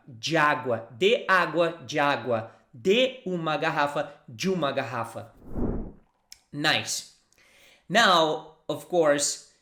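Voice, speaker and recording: A language teacher from Brazil speaks English with a Brazilian accent, moving at an unhurried, deliberate pace. Phrases come twice or three times so the learner can copy them, with patient repetition. The voice rings in an echoey room. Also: mid-range voice, a bit bright. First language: Portuguese. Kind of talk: language lesson.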